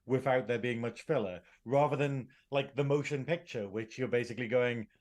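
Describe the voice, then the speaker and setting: A man's voice: medium pitch, normal speed, a little mellow. A young adult man co-hosting a podcast, rambling in casual chat with lots of "basically" and "like" fillers. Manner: rambling, stacks "basically" and "like", laughs often. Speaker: podcast co-host.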